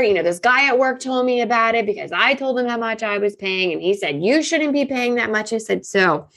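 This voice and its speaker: A woman's voice: a little high, fairly quick, few pauses. A woman in her forties hosting an insurance talk show, telling a family story in a casual chat and acting out the voices she quotes. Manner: animated, acts out quoted voices. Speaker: insurance podcast host.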